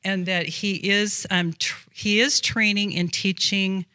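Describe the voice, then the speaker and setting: A woman talks earnestly and at length with a bright, clear tone. She rambles and fills pauses, and the recording is close and dry. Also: mid-range voice, fairly even intonation, no echo. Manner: earnest, rambling, many fillers. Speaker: podcast guest. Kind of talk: casual faith conversation.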